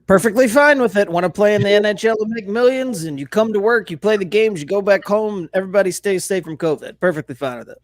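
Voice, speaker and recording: A man with a slightly high voice gives blunt, profane opinions in a laid-back podcast chat. The sound is dry and close, with no room echo. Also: fast, hardly any pauses. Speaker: podcast co-host. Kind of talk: casual chat.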